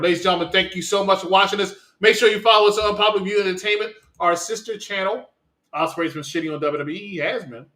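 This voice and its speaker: A man hosting a wrestling review show, calmly giving his take and reading the sign-off in a measured, announcer-like way. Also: on the high side, reverberant. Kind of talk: casual chat and show sign-off.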